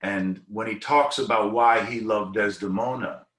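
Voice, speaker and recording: A man's voice: on the low side, fairly even intonation, a little slow, a bit bright. A man in his fifties, an actor on a discussion panel, reflecting thoughtfully and rambling with restarts over a video call. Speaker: actor guest. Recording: echoey room.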